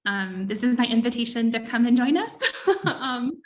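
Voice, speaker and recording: A woman author giving an academic talk and answering questions, thoughtful and halting, with frequent ums, over a video call. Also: a little high, animated. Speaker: author and speaker.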